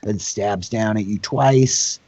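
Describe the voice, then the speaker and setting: A man's voice: on the low side, slow pace, background noise. A man running a tabletop game as dungeon master, narrating in a loose, profane, laughing way.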